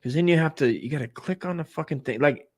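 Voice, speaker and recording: A man in his forties from the United States who hosts a comedy stream and talks in a rambling, profane, excitable monologue full of restarts. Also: on the high side, fast. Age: 40s.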